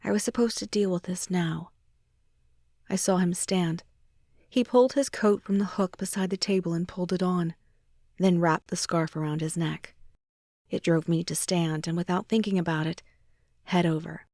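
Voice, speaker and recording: A woman's voice: on the low side, fairly even intonation, normal speed, a little mellow, no echo, studio quality. A woman narrating a first-person romance audiobook in an intimate way, sometimes dropping to a whisper.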